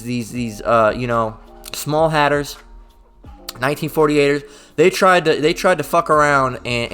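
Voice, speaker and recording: A man preaching with hard, insistent force, reading scripture aloud and then breaking into blunt, profane commentary. He keeps checking in with "all right?" after nearly every point and often stumbles over repeated words. Faint music plays underneath his middle-pitched voice. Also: fairly bright tone.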